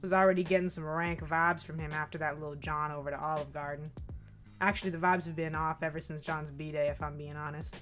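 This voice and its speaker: A woman voicing a cool, ironic teenage boy with a deadpan, drawling delivery and casual swearing. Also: sits low, fairly quick, faint music behind, voice pushed down. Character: cool ironic teen boy, laid-back swagger.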